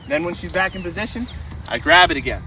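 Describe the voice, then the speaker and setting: Man explaining dog training while walking outdoors, high voice, distant mic, noisy outdoor background. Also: lively intonation, fast.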